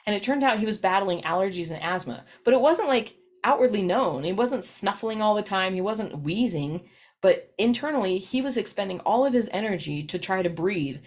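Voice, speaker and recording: A woman giving a professional presentation, talking in a relaxed, anecdotal way and tossing in "right?" to keep listeners with her. Her pitch sits in an ordinary middle range. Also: normal speed. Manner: chatty, storytelling, frequent "right?" tag questions.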